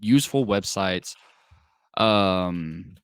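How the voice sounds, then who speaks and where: A man's voice: low voice, extremely slow, fairly bright tone, smooth, no echo, clean studio sound. A man co-hosting a casual film review podcast, talking enthusiastically with plenty of fillers. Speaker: podcast co-host.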